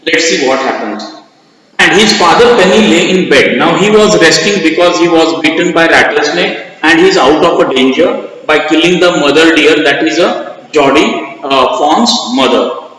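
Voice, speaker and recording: A man's voice: on the high side, moderate pace, a bit bright. A male teacher giving a recorded lesson. He asks and answers his own questions, repeats key points and spells out words letter by letter. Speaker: English teacher. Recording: very echoey hall, long reverb.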